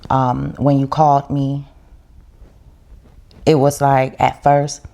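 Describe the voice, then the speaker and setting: A woman's voice: a bass voice, completely flat delivery, slow, gravelly, long pauses, dark tone. A woman, a podcast guest, telling her story in casual chat in a heartfelt, reflective way.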